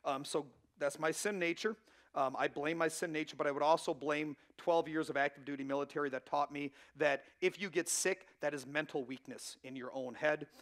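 A man's voice: fairly high pitch, steady tone, moderate pace, a bit bright. Conversational male pastor preaching. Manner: conversational, frequent "all right?" and "um" asides. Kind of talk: sermon. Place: church.

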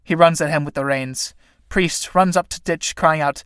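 A man reading the stage directions of a play aloud in a plain, even manner. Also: fairly high pitch, normal speed, clear, resonant tone, no echo, clean studio sound. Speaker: reader.

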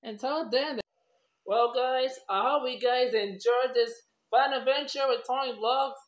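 Slow-talking woman telling kids a story. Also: high-pitched. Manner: talks to kids as boys and girls, loose and rambling. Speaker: storyteller vlogger. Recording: dull lo-fi recording.

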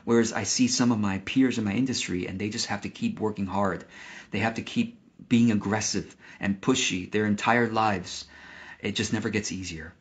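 A man with a slightly low voice gives business advice to camera in a relaxed, gentle way. He often restarts his sentences and talks like he's chatting with his viewers. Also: moderate pace. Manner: calm, gentle, with frequent restarts. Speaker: business coach. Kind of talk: casual talk to camera.

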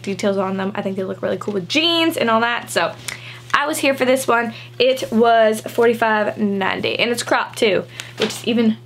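A woman's voice: on the high side, a bit bright. Chatty young woman vlogger. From Canada. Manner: bubbly, chatty, peppered with "like". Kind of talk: casual try-on haul chat.

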